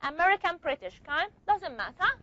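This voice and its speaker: High, bright-voiced woman lecturing a class. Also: very animated, a little fast, muffled recording. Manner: explains step by step, asks the class frequent check questions. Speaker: phonetics lecturer.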